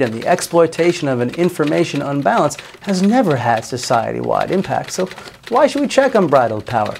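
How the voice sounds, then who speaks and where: A man's voice: fairly high pitch, creaky, slight background noise. A man hosting a comedy show, giving sarcastic, satirical commentary on business news. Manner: sarcastic, with jokey swoops into silly voices.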